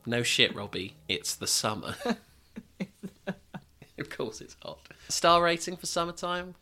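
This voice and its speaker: A man with a bright, sharp-edged voice co-hosting a comedy music podcast. His pitch swings widely as he mocks things drily and often laughs. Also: very animated, measured pace. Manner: dry, mocking, laughs often. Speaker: podcast co-host. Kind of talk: casual comedic chat about songs.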